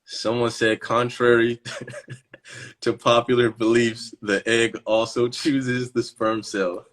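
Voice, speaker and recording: A man in his thirties talking to his viewers in a casual live-stream monologue, profane and boastful, swinging between loud bursts and hushed asides. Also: medium pitch, flat delivery, slow pace.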